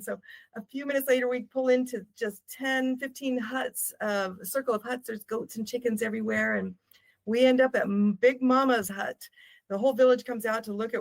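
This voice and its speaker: An older woman, a travel writer, telling stories as a podcast guest in a lively, laughing manner. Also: a little high, fairly quick. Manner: animated, laughing storyteller. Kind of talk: storytelling in a podcast interview.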